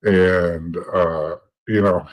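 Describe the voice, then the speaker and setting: A middle-aged man speaks very slowly in a low-pitched, steady voice on a rough recording. He's a former informant guesting on a podcast, casually telling stories from his past with blunt profanity and frequent repeated words.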